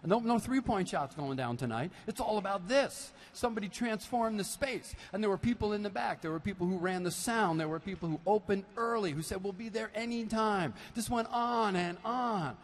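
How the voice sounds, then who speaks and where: A man, a percussionist, talks to a concert audience between songs, telling stories with animated, playful asides through a stage microphone in a large arena. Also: sits high, moderate pace, hardly any pauses. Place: large basketball arena used as a concert hall. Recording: live hall recording with long reverb and faint noise.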